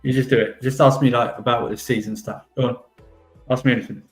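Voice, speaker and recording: A man hosts a casual football live stream, blunt and exasperated, swearing freely as he vents. His pitch is ordinary middle, with faint music under him. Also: fairly even intonation, fast talker, roomy sound, low-quality recording. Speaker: football podcast host.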